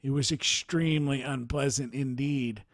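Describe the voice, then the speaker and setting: A man narrating a near-death experience account in a formal, measured reading style. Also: mid-range voice, steady tone, no echo, clean studio sound.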